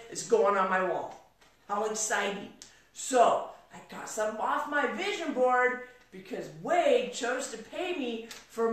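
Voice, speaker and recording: A woman telling a motivational story as a mentor, animated, moving between hushed and excited. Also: fairly high pitch, recorded from a distance. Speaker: mentor and speaker. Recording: very echoey room, from off-mic.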